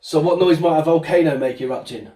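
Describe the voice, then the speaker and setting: A man's voice: on the high side, fast talker, mellow. A man giving a home-school lesson with a child, asking coaxing questions in a cheerful way. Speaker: presenter. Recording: roomy sound from a distance.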